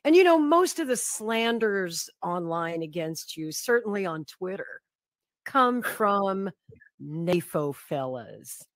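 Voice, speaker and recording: A woman's voice: fairly low pitch, big pitch swings, slow pace, no room sound, studio quality. A woman hosting an interview who reacts briefly and asks short follow-up questions. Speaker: interview host. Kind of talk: casual interview chat.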